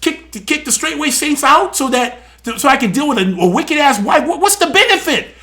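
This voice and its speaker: A man's voice: very high-pitched, lively intonation, brisk, bright, forceful tone. A man hosting a live show, preaching emphatically and animatedly on scripture, often repeating words. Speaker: show host and church elder.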